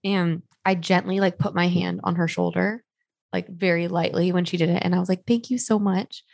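A woman's voice: fairly low pitch, flat delivery, a little fast, vocal fry, darkish tone, no room sound, studio quality. A young adult woman co-hosting a podcast, chatting casually and telling stories, full of little fillers. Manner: chatty, storytelling with many likes. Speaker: podcast co-host. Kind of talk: casual chat.

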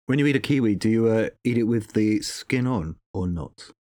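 A man's voice: on the low side, moderate pace, dark tone, dry recording. A male podcast host interviewing a guest in a jokey, theatrical manner, addressing listeners directly. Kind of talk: casual interview and playful commentary.

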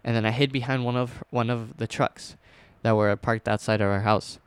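A young man casually telling a scary personal story, rambling with fillers and restarts, dropping to a hush at tense moments. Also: medium pitch, fairly even intonation, moderate pace, clear, resonant tone, no room sound.

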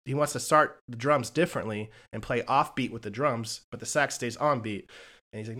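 A man chatting casually on a podcast, retelling films with animated energy and slipping into voices for quoted lines. His voice sits in a middle pitch. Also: brisk. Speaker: podcast co-host reviewing films. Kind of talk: casual chat.

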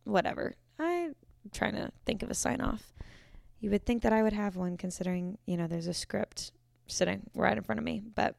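A woman's voice: medium pitch, moderate pace, vocal fry, a little mellow, dry recording, studio quality. A young woman in her twenties hosting a solo podcast, chatty and rambling, often correcting herself mid-sentence. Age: 20s. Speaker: podcast host. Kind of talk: casual solo podcast talk.

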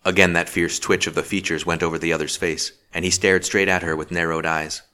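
A man reading a novel aloud as an audiobook narrator, measured and steady. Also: low voice, clear, resonant tone. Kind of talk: scripted narration.

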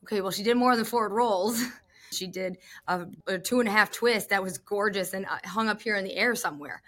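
Bright, gushing woman podcast host. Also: mid-range voice, brisk. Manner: animated, gushing, jokey. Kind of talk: casual chat about gymnastics.

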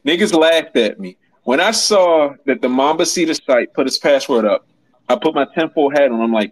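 A man co-hosting a casual live audio chat, telling stories in a lively, self-mocking and profane way. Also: medium pitch, fairly quick, rough recording. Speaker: podcast co-host.

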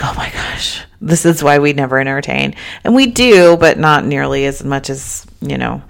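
A woman's voice: extremely low pitch, creaky. A woman in her thirties hosting a casual solo podcast, tired and chatting in a rambling way that keeps interrupting itself. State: tired, yawning. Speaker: podcast host.

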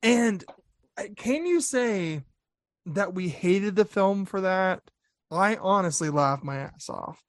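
A co-host of a casual film-review chat, retelling movie scenes with animated quotes and sound effects. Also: medium pitch, slow pace, no echo. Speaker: podcast co-host.

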